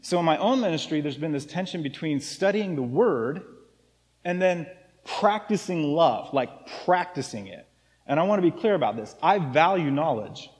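A man's voice: a little high, lively intonation, normal speed, a little mellow, long reverb tail. A man preaching a casual, joking sermon as pastor of a church. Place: church sanctuary.

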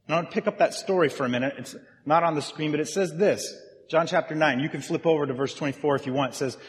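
Conversational preacher in a reverberant hall. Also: male voice, on the high side, fast talker. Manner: conversational, checks in with listeners. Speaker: pastor. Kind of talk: sermon.

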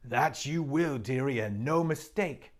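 A man's voice: mid-range voice, unhurried, natural voice. A man voicing a homely, motherly female beaver from a storybook, folksy and matter-of-fact. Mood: knowing.

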